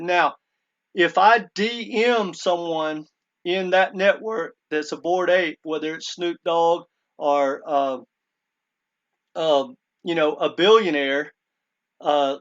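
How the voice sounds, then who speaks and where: In a muffled recording, a man whose voice sits on the high side talks casually to his viewers. This crypto commentator's monologue is earnest, retelling a story with many "he goes" asides while he calls his audience "guys" throughout.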